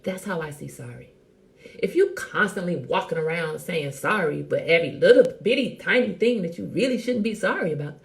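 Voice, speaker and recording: A middle-aged woman hosting a casual live chat, teasing and animated, talking straight to her viewers by name. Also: on the low side, fairly quick, gravelly. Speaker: host.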